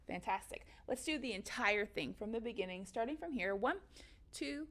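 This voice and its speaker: A woman's voice: mid-range voice, expressive, a little fast, a bit bright. A woman music teacher giving a recorded lesson for children, upbeat and encouraging, counting beats and chanting rhythms aloud.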